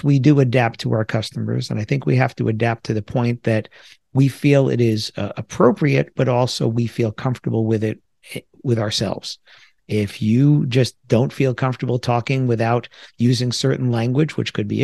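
A man's voice: medium pitch, gravelly, a little mellow, dry recording. A middle-aged man from the New York area hosting a solo podcast, talking things through in a reflective, conversational way with self-deprecating asides. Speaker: podcast host.

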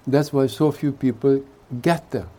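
A man teaches at a retreat in a mellow, warm voice, taking his time over each phrase. He chuckles softly between his thoughts and gives a relaxed satsang talk mixed with jokes. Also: medium pitch, a little slow. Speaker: spiritual teacher. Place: retreat hall.

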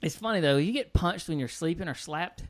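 A man's voice: fairly high pitch, lively intonation, fairly quick. A man co-hosting a podcast, making laid-back, crude jokes in casual chat. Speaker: podcast co-host.

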